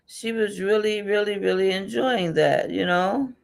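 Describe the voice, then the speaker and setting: A woman's voice: mid-range voice, unhurried, creaky. A woman giving a casual spiritual reading, rambling and repetitive, often laughing and muttering to herself. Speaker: tarot and numerology reader.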